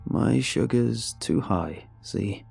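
A man voicing a frail old male neighbor, gruff but kindly, with a slow, low drawl, in a told horror story. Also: animated, darkish tone, soft background music, heavily acted. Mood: gentle.

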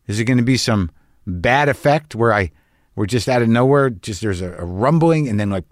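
Middle-aged guy rambling on his show, swears a lot, wry dark jokes, voice jumps all over, dry close sound. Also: mid-range voice, expressive, normal speed, no room sound. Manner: profane, wry, darkly joking. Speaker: podcast host. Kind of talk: rambling comic monologue.

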